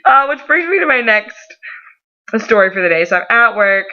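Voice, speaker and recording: A young woman vlogger with a bright, sharp voice tells a story to camera in a chatty, theatrical way. She plays every moment up for drama. The audio is slightly muffled and lo-fi. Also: a little high, normal speed. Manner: animated, over-the-top storyteller who dramatizes. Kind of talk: casual storytelling vlog.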